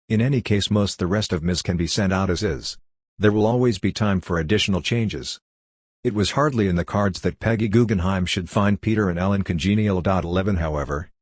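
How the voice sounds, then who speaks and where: A man giving an audiobook reading of letters in a steady, even tone. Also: sits low, dry recording, clean studio sound. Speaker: reader.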